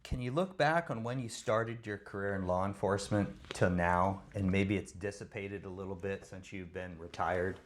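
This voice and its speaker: A man with a very low, deep voice interviews his guest. He asks his questions in a measured, plain way. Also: slight background noise. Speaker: podcast interviewer, host.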